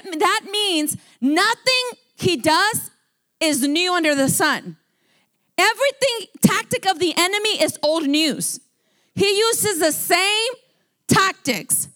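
A woman's voice: very high-pitched, pushed and bright. A woman pastor preaching a sermon with emphatic, fervent delivery that rises to firm commands.

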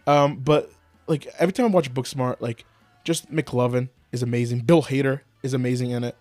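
A man's voice: fairly quick, dry recording, faint music behind. A young man co-hosting a casual podcast, talking animatedly, laughing often and acting out movie lines. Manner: animated, laughs often, acts out movie quotes in high voices. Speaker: podcast co-host. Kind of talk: casual chat.

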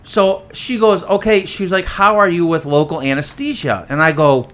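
Guy on a podcast telling a cussing story, plays both sides of the talk, high bright voice. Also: moderate pace. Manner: profane, animated storyteller, acts out both sides of dialogue. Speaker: podcast host. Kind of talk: casual storytelling chat. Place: echoey tunnel.

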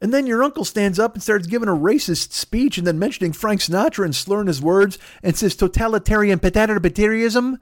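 Brisk and with few pauses, this high-pitched man hosts a podcast from Chicago. There's no room sound and the quality is studio-grade. Middle-aged and Midwestern, he rants loosely, cursing freely and restarting sentences as he stumbles.

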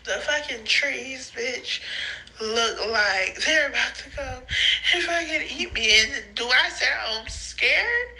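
A young woman recording rambling phone voice notes, giggly, profane and slangy, high and tearful, often breaking into laughing squeals. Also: lively intonation, takes it slowly, bright, forceful tone, poor audio. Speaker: podcaster sending voice notes. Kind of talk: rambling voice-note monologue. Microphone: phone voice memo.

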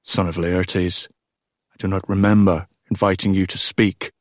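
A man's voice: low voice, little pitch movement, a little slow, no room sound, studio quality. A man voicing a boastful, proud middle-aged king who speaks bluntly.

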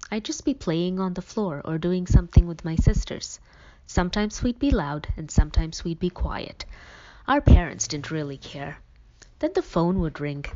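A woman's voice: on the low side, a little mellow. A woman narrating a first-person story in the voice of a teenage boy, reading steadily. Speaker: audiobook narrator. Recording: dull lo-fi recording.

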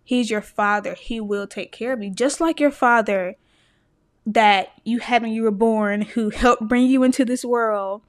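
A young woman hosting a podcast shares a personal faith story earnestly and emotionally, speaking straight to her listeners. Her voice is fairly high and a little slow, with studio-quality audio and no room sound.

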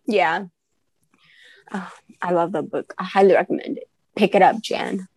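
A woman's voice: on the low side, steady tone, moderate pace, a little mellow, slightly rough. A woman co-hosting a podcast, gushing and giggly as she reviews books in casual chat. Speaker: podcast co-host.

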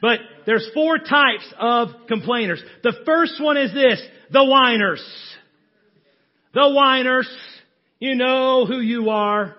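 A man preaching a sermon as pastor, animated, mocking the complainers he acts out. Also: very high voice, measured pace, few pauses, highs cut off. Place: church sanctuary.

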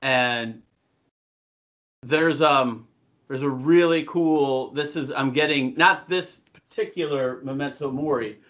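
A man's voice: mid-range voice, takes it slowly, a bit bright, muffled recording. A middle-aged man co-hosting a podcast, telling rambling, profane stories in casual chat. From Buffalo, New York. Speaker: podcast co-host.

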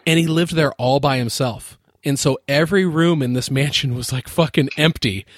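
A man's voice: medium pitch, normal speed. A man in his thirties from the United States, telling laid-back stories with frequent fillers and easy laughter. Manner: laid-back storytelling, says like often, laughs easily. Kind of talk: casual chat.

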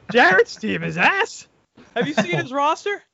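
A man hosting a casual sports podcast, talking in an animated, crude way with laughing asides. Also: extremely high pitch, creaky. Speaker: podcast host. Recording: dull lo-fi audio.

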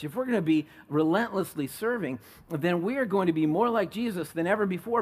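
A man's voice: fairly high pitch, breathy edge. A middle-aged man from California preaching a sermon as a pastor, telling stories and asking the congregation questions.

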